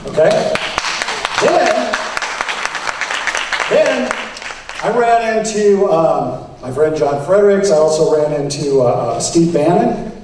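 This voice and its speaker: A man gives a campaign speech to a room of delegates, his fairly high voice ringing through a very echoey hall. He sits back from the mic, and a faint hiss runs underneath. He tells his story with emphasis and lifts his voice when quoting others. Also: a little mellow, far from the mic. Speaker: political candidate. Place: convention hall.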